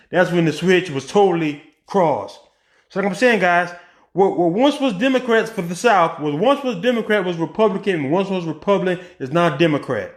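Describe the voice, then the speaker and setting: In an echoey room, a high-voiced man who does political commentary podcasts delivers a casual opinion monologue. Animated throughout, he throws out rhetorical questions, keeps restarting his sentences, and plugs the gaps with ums.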